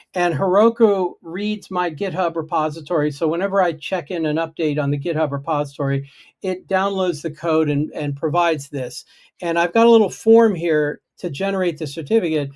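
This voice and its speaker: A man's voice: a little high, normal speed. A man chatting casually on a video-call livestream, explaining his project in a self-deprecating way. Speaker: guest programmer.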